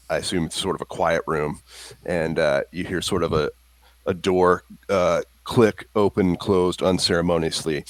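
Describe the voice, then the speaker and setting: Low-voiced man narrating his game character. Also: dry recording. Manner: loose, rambling scene description. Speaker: player. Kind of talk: tabletop game play.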